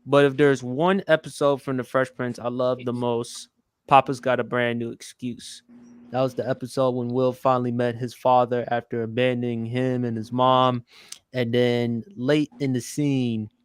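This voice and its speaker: A man with a clear, smooth voice hosts a casual podcast chat and steers the talk. He sounds dry and close to the mic. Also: mid-range voice, little pitch movement, moderate pace, no echo. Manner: leads the talk, asks questions and tells anecdotes. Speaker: podcast host.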